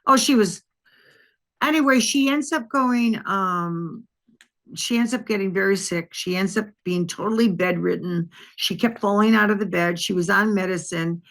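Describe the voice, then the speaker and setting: A woman's voice: mid-range voice, normal speed. An older woman from Wisconsin, a retired detective, telling a long personal story in an interview and acting out the voices of the people in it. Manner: lively anecdotal telling, acts out quoted voices.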